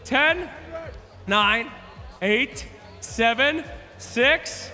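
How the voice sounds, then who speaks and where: A man hosting a quiz at a live event, loud and playful, teasing contestants and shouting out to the crowd. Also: very high voice, slow pace. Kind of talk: energetic stage hosting to a crowd. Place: large live event arena. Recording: echoey arena hall with music.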